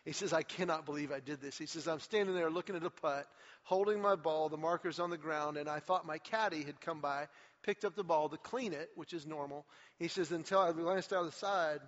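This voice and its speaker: A man with a fairly high voice preaches a sermon, leaning into his stories and acting out quotes with mounting energy. The sound is slightly muffled, and his voice rings with a long reverb, as in a large church sanctuary. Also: fairly quick. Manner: animated storyteller, acts out quotes with rising energy. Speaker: pastor. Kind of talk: sermon with storytelling.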